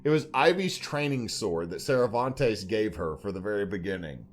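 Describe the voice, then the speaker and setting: A man's voice: on the low side, animated, normal speed. A man co-hosting a podcast in casual chat, rambling and joking as he talks. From Louisiana. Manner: rambling, joking, puts on silly voices. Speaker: podcast co-host.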